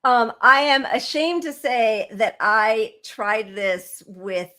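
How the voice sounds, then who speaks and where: A woman's voice: fairly high pitch, slow pace, bright, forceful tone. Chatty woman podcast co-host in her forties. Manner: chatty and giggly, with many fillers. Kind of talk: casual podcast chat.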